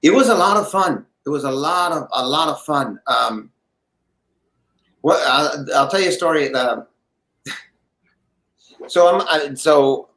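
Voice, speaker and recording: A man who is an actor telling an anecdote as a guest, lively and acting out the voices of others in his story. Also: a little high, slow, pauses often, roomy sound.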